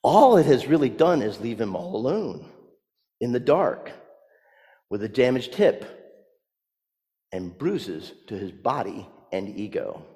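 Slow, expressive male preacher. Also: mid-range voice, big-room sound. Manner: storytelling, swings from hushed to loud emphasis. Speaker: pastor. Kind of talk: sermon.

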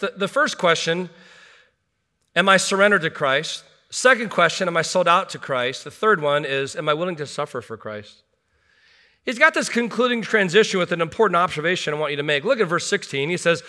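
A man's voice: on the high side, animated, fairly quick, sharp tone. A middle-aged man preaching a sermon as pastor, earnest and full of rhetorical questions with wry asides. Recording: long hall reverb.

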